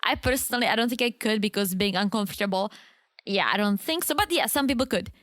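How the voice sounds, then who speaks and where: A woman's voice: mid-range voice, fast, a bit bright, dry recording. A woman co-hosting a podcast, chatting casually and sarcastically while recapping a reality show. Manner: sarcastic, laughs often. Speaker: podcast co-host.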